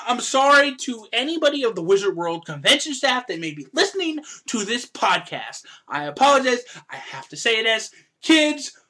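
A woman hosting a podcast, ranting in an animated, exasperated way with loud outbursts. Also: high voice. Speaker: podcast host. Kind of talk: casual podcast rant.

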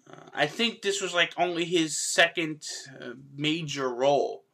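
A man's voice: a little high, a little slow, sharp tone. A man giving a casual, rambling spoken review of a dub's voice cast, with frequent fillers and restarts. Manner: rambling, with fillers and self-corrections. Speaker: anime reviewer.

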